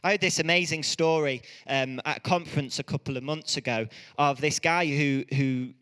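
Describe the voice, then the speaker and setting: A man preaching a sermon, telling stories in a lively way and often correcting himself mid-sentence. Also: on the high side, clean tone, long reverb tail. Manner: lively storytelling with quick self-corrections.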